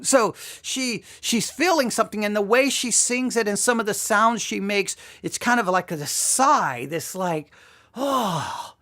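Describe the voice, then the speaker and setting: A woman hosting a podcast, talking through song lyrics in an animated way and slipping into voices to act them out. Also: medium pitch, a little slow, hardly any pauses. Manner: animated, slips into acting out the voices. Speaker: podcast host.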